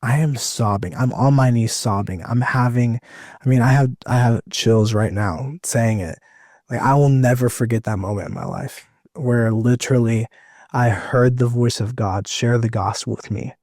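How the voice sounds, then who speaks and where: A man's voice: medium pitch, lively intonation, normal speed, a little mellow, no echo, studio quality. A young man in his twenties, an evangelist, telling his testimony in a rambling, emotional way with many fillers and restarts. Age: 20s. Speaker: evangelist guest. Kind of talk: personal testimony in conversation.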